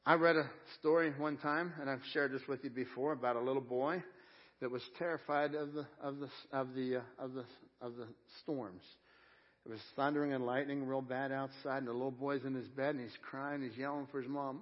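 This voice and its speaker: A man preaching a conversational sermon at a church service, shifting between hushed, slow moments and excited, quicker bursts. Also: medium pitch, muffled recording. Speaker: pastor.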